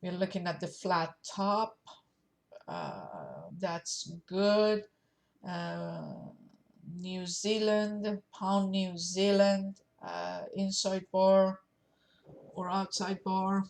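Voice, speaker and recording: A woman streaming her forex trades, thinking aloud as she clicks through charts, with many pauses and fillers. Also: mid-range voice, darkish tone. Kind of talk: live screen-share trading commentary.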